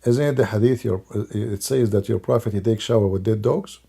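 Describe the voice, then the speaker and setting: A man's voice: fairly low pitch, a little fast, creaky, mellow, slightly rough. A man doing live-stream commentary in a mocking, sarcastic way, with non-native English grammar. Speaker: online religious commentator.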